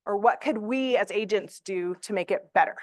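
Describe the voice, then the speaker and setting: A middle-aged woman teaching real estate agents in a training room, chatty and animated, with fillers. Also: medium pitch, normal speed, no echo. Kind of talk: classroom training talk.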